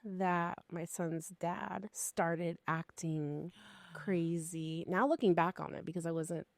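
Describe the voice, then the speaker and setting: A woman in her fifties with a low, gravelly voice, telling a personal ghost story in a lively podcast chat. She swears freely and gets animated as the story builds. The sound is dry and close. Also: takes it slowly, dry recording. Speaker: podcast co-host.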